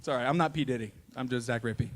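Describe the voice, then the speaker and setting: Here a stand-up comedian who also hosts a podcast talks fast in a mid-range voice during a live show in front of a crowd. He's a man in his thirties, spinning self-deprecating, folksy tales about his family that are packed with "man" and "y'all."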